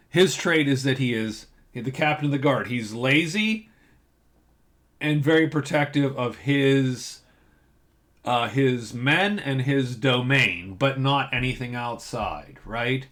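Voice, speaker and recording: A man's voice: mid-range voice, slow, pauses often, fairly bright tone. A man giving tabletop game master advice in a casual, rambling, self-deprecating way, often restarting his sentences.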